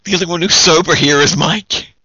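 A man's voice: a little high, a little fast, sharp tone, breathy edge, no room sound, dull audio. A man giving a joking, tipsy holiday greeting as a podcast guest, giggly and singsong.

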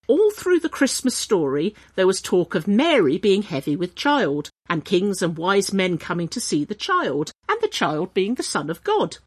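A woman reading a comic story aloud, with lively, animated delivery and playful voices for the characters. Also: lowish voice, normal speed, hardly any pauses, breathy edge.

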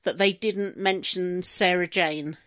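A woman's voice: on the low side, steady tone, takes it slowly, fairly bright tone. A woman in a casual group chat, teasing and often laughing.

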